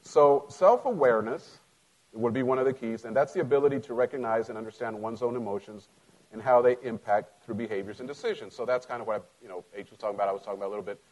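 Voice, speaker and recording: Middle-aged Latino pastor, conversational sermon with jokes, sudden loud emphasis after quiet asides. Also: male voice, medium pitch, fast talker, lo-fi sound. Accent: Latino American English.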